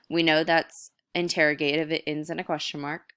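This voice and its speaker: With fairly even intonation, a fairly quick pace, and hardly any pauses, a young woman works through a recorded lesson point by point. Her bright, crisp voice is set slightly low, and she keeps the teacher talk easy and casual.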